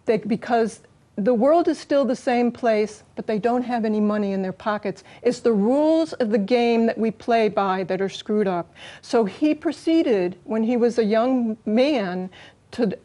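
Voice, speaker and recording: A woman's voice: on the high side, measured pace, dark tone. A woman earnestly explaining ideas as a guest in a radio interview.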